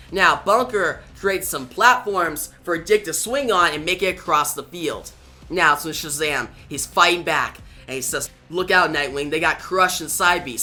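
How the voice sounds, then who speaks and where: Bright-voiced man recapping a comic. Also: high voice. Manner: loose retelling, starts most lines with "now". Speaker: comic book reviewer. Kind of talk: casual comic recap narration.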